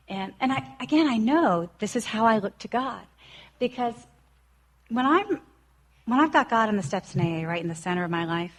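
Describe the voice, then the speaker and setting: A woman's voice: mid-range voice, expressive, normal speed. A woman in her forties tells her personal recovery story in an earnest, heartfelt way. She keeps acting out the voices of the people she quotes. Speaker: recovery speaker.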